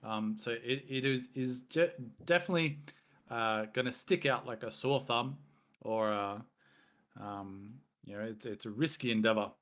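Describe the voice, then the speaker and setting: A man voicing a big, hearty male minotaur who runs an adventurers' guild, talking loud and jovial. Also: moderate pace, lightly acted. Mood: businesslike. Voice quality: booming. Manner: jovial, chatty, laughs at his own jokes.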